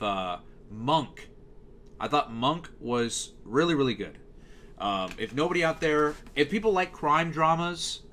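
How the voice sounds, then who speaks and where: A man's voice: medium pitch, fairly bright tone, a little hiss or hum. A young man giving a casual, exasperated rant about a TV channel's schedule, full of fillers and restarts. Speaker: youtuber reviewing TV schedules. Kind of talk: casual ranting commentary.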